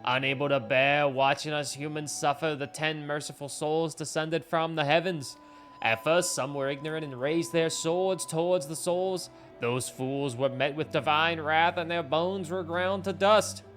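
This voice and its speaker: Brief: man reading as a solemn shaman preaching a legend, measured pace, soft game music behind. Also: on the high side, fairly even intonation, pitched above the performer's own voice.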